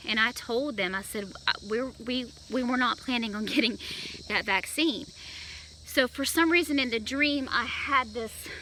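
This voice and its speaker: A woman's voice: a little high, sharp tone, a little hiss or hum, poor audio. A young woman chatting casually while walking outdoors with a stroller, a little out of breath, with many fillers and restarts. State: slightly out of breath. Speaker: vlogger. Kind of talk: casual vlog storytelling. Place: outdoors in a yard. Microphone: phone camera held while walking.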